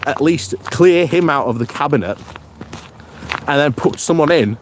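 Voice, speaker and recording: A man's voice: fairly high pitch, animated, normal speed, noisy background. A man giving casual live-stream commentary outdoors on a morning walk, rambling, chuckling often and greeting viewers by name. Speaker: political vlogger reading live chat.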